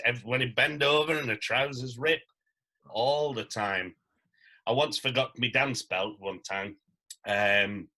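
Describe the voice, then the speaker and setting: Actor, middle-aged, bright lively anecdote teller on a podcast. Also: male voice, fairly low pitch, rough recording. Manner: animated storyteller, acts out quotes. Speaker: guest, stage actor. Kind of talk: casual anecdote-telling.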